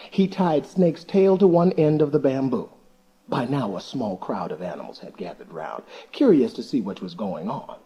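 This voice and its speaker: A man narrating a folktale for listeners in an animated, expressive storybook manner. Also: medium pitch, breathy edge, rough recording.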